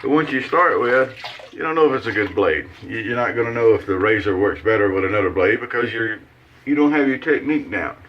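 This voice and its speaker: A man's voice: lowish voice, lively intonation, a little fast, dull audio, slight background noise. A man hosting a shaving video, chatting casually in a folksy, rambling way with lots of fillers as he shaves at his bathroom sink. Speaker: shaving channel host. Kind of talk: casual how-to chat while shaving.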